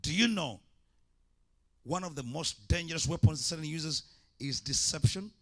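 A man's voice: fairly high pitch, moderate pace. A man preaching a sermon as an evangelist, impassioned, with repeated call-and-response lines.

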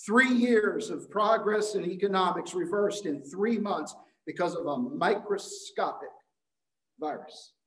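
High-voiced man preaching in an echoey room. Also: measured pace. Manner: emphatic preaching with repetition and some stumbles. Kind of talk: sermon. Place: worship service.

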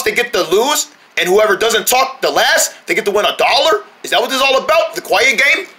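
A man doing a shrill, whiny cartoon deer. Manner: shouty, indignant, quick to complain. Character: whiny excitable young male cartoon deer. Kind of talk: cartoon voice acting.

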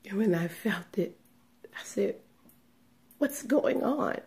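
A woman giving a personal religious testimony, speaking in a hushed, trembling way that often sinks into a whisper, close to tears. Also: mid-range voice, animated, slow. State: tearful, on the verge of crying.

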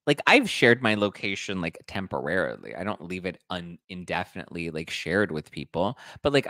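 Sassy, animated man hosting a gossip podcast. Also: fairly low pitch, no room sound. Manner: sassy, animated, self-deprecating. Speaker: podcast host. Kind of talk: casual reality TV gossip recap.

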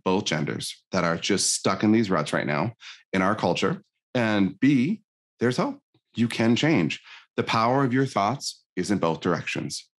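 A middle-aged man, a life coach, telling stories on a podcast and acting out the dialogue in them. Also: on the low side. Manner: animated storyteller, acts out quoted dialogue. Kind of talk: conversational podcast interview.

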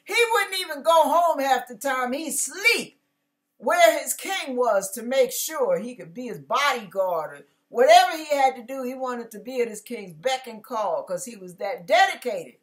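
A woman pastor giving a casual, conversational sermon, acting out biblical characters and dropping slangy asides. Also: high voice.

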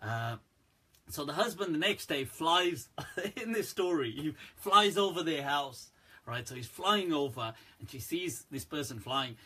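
An Islamic scholar hosts a casual religious talk on a live stream, his fairly high voice expressive, unhurried, pushed, bright and husky. He's chatty, uses many fillers and laughs at his own jokes, picked up by a front-facing phone or webcam mic.

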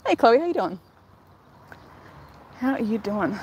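A woman's voice: fairly high pitch, sing-song, a little slow, background noise. A young woman chatting casually on a live stream while walking outside, upbeat and talkative as she greets viewers. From Australia. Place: outdoors, walking.

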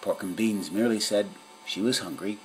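A man narrating a children's story in an expressive storytelling manner. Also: fairly low pitch, normal speed, slight background noise, low-quality recording. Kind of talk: storybook reading.

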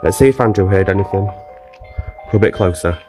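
With music playing behind him, a man speaks a little fast in a low voice while hosting a live paranormal investigation at a castle. Holding his phone to stream, he earnestly coaxes a spirit and keeps up a chat with his viewers.

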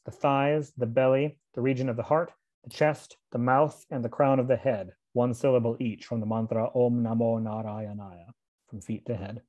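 A man in a middle voice reads an old scripture in translation, carefully and steadily. He breaks off now and then to explain a term in a casual aside before going back to the text. His pitch sits at an ordinary level for a man. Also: dark tone, muffled recording. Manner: measured reading with asides and occasional fillers. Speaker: reader and teacher of scripture.

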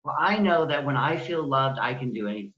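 A man speaking as a guest healing practitioner, gentle and compassionate, voicing kind words he would say to his own pain. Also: mid-range voice, expressive, brisk, roomy sound, highs cut off. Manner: gentle, compassionate, acts out inner dialogue. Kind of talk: interview, conversational.

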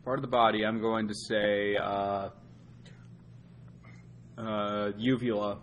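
A man's voice: fairly low pitch, flat delivery, slow, muffled recording. A man joining a live stream as co-host, trading jokes and dry asides in casual banter.

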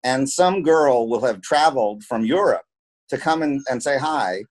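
A man's voice: mid-range voice, lively intonation, normal speed. A man who works as a film and television producer, telling stories as an interview guest in an earnest way and often repeating words as he restarts. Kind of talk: conversational interview, telling anecdotes.

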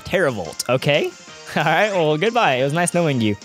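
A man's voice: fairly high pitch, sing-song, moderate pace, faint music behind. A young man doing let's-play commentary, chatty and rambling, often drifting off on tangents. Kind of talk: video game commentary.

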